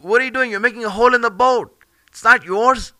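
Musa, as a man acts him out, loud and indignant. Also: high voice, measured pace, dry recording, pitched above the performer's own voice. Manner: raised, urgent protest. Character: indignant prophet, a grown man, protesting loudly.

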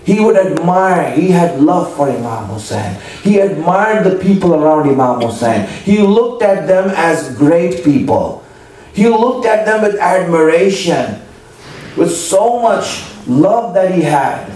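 High-voiced man preaching in an echoey hall. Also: very animated, measured pace, darkish tone, far from the mic. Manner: emotional, dramatic retelling with quoted voices. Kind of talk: sermon storytelling. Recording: echoey hall, voice from afar, faint noise.

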